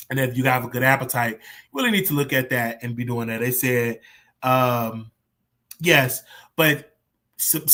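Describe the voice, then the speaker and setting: A man's voice: medium pitch, a bit bright. A man hosting a livestream, talking candidly and animatedly about his own past, often repeating himself for emphasis. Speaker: show host. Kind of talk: casual livestream commentary.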